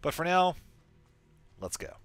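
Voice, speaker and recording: A man's voice: fairly high pitch, sing-song, a little slow, over music. A man casually commenting while playing a video game, chatty and joking. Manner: chatty, joking, laughs often. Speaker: let's play host.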